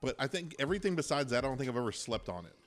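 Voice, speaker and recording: A man co-hosts a casual podcast, talking fast and dropping in quick questions and reactions. His voice sits at a mid pitch, with faint music playing behind him. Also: big pitch swings. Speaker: podcast co-host.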